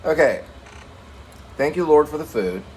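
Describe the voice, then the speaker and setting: A man's voice: a little high, expressive, unhurried, a little hiss or hum. Rambling middle-aged man chatting at home. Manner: rambling, loses his train of thought. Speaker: vlog co-host. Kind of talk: casual home chat over a meal.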